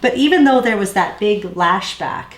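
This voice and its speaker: A woman's voice: medium pitch, animated, moderate pace. A woman co-hosting a parenting talk, affirming and agreeing often as she shares her own experience as a mother. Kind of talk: conversational discussion on parenting. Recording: echoey room with faint noise.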